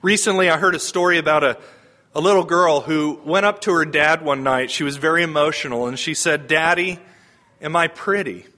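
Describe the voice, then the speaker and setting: A man delivers a homily with a bright, clear edge to his voice. His pitch sits a little high. He preaches in a conversational way and often puts questions to the congregation. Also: fairly even intonation, a little fast. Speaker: priest.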